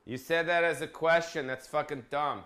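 A man's voice: on the high side, steady tone, normal speed, bright, forceful tone. A man hosting a casual comedic cooking vlog, bossy and profane, teasing his cameraman. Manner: crude, bossy, joking, profane.

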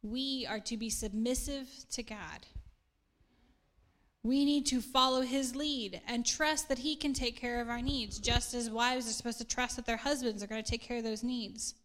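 A woman's voice: a little high, steady tone, moderate pace, fairly bright tone. A middle-aged woman pastor, preaching a casual sermon in an earnest, chatty way and laughing at herself now and then.

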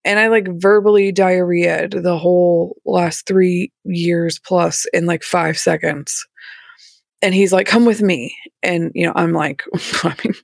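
A woman recounting a hard personal story in an interview. Her voice has a gravelly, fried edge, and her telling is candid and raw, with a few nervous laughs. The sound is dry and close, with no room around it. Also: lowish voice, steady tone, a little slow, no room sound. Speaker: interview guest.

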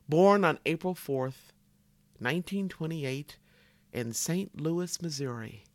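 A man delivering a solemn spoken tribute, slow and reverent, with dramatic pauses that sink to near whispers. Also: a little high, no room sound. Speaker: tribute narrator.

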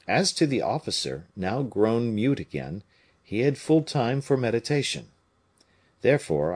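A man reading a classic novel aloud as an audiobook narrator, with an expressive, even-paced delivery. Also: fairly low pitch. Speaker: audiobook reader.

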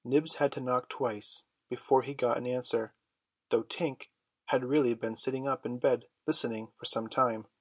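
A man narrates a children's storybook in a measured, steady way. His voice is husky and mid-pitched, recorded close on a dry, dead mic. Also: dry recording. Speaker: audiobook reader.

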